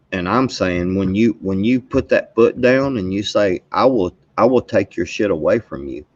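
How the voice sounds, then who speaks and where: A man's voice: on the low side, a little mellow, no echo, muffled recording. A man telling a rambling, profane story in casual livestream chat, chuckling as he goes. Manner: rambling storyteller, profane, laughs while talking. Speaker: guest caller on a live stream.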